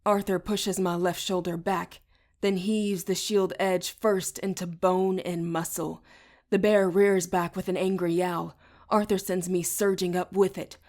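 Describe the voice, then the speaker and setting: Low, gravelly woman reading an audiobook. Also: a little mellow. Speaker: audiobook reader. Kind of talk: audiobook narration.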